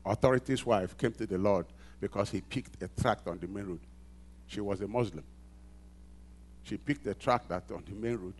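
A male pastor preaching a sermon, asking the congregation to answer back and repeating phrases for emphasis, building from quiet lines to loud emphatic peaks. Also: on the low side, slight background noise.

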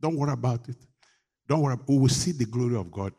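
A man preaching a sermon as pastor, emphatic, with call-and-response questions to the congregation and bursts of rising pitch and volume. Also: brisk, warm tone.

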